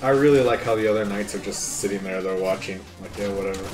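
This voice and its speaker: A man's voice: lowish voice, fast, a little mellow. A young man co-hosting a let's play with casual, joking commentary and frequent laughs. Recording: roomy echo, game music behind.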